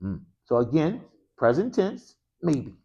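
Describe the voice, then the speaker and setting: Lively male teacher quizzing his class. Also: a little high, takes it slowly, creaky, husky, lo-fi sound. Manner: energetic, quizzes students with frequent "what?" prompts; casual slangy asides. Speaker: Arabic teacher. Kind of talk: classroom grammar lesson. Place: mosque classroom.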